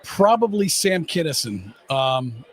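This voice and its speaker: A man with a fairly high voice chats in an easygoing, agreeable way and drops in curious questions. He is sitting in on a live broadcast from a bar. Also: big pitch swings, takes it slowly. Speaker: co-host. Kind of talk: casual chat.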